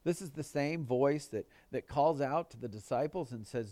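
A man delivers a sermon at a mid-range pitch, earnest and steady. He lifts his voice to drive points home, then sinks low and quiet when quoting words. The sound is dry and close, with little room around it. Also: normal speed, dry recording. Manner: earnest preaching, rising for emphasis and dropping low on quoted words. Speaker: pastor.

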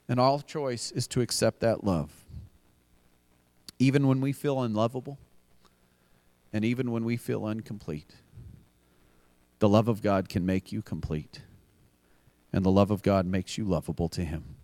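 A man's voice: fairly low pitch, fairly even intonation, a little slow, long pauses, a little mellow, no room sound. A man preaching a sermon as pastor, earnest and building to emphatic repeated refrains. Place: church.

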